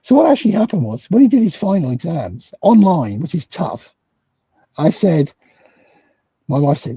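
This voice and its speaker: Over lo-fi, muffled, dry video-call audio, a middle-aged British man, a guest psychologist, recounts a story in conversation. He's very animated and brisk, voicing each quoted line himself as his raspy, dark, mellow voice swoops between low and high.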